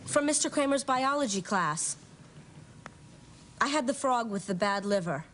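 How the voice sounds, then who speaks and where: A woman's voice: a little high, animated, measured pace. A wry, self-mocking teenage girl. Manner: dry, self-deprecating quips. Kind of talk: 1980s sitcom acting. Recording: noisy old TV sitcom audio.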